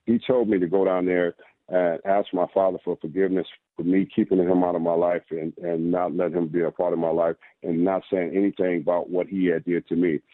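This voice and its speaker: A man with a very deep voice tells his personal testimony as a radio guest, earnest and repeating words as he goes. He is heard over a narrow phone line with no room sound. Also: flat delivery, a little fast, dry recording. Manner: earnest, repeats words while telling a story. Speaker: guest author.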